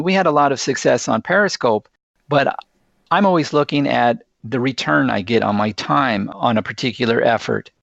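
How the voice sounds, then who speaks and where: A man's voice: mid-range voice, gravelly, no room sound, lo-fi sound. A man speaking as a podcast guest, earnest and enthusiastic as he tells stories. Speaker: guest, sales executive. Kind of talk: podcast interview.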